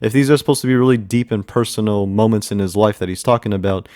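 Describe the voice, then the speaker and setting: A man's voice: on the low side, quick pace, darkish tone, dry recording, studio quality. A man giving casual commentary as a music reviewer, rambling with many repeats and fillers.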